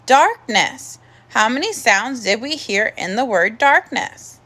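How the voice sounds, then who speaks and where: A woman teaching a first grade phonics lesson, slowly sounding out words and praising the children. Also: a little high, very animated, pushed and bright. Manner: slow, clear, encouraging teacher talk with drawn-out sounds.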